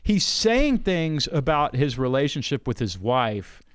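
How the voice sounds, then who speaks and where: A man's voice: medium pitch, big pitch swings, a little slow, clean tone, no echo, studio quality. A man hosting a podcast in casual chat, retelling stories and acting out quotes. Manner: storytelling, acts out quotes. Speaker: podcast host.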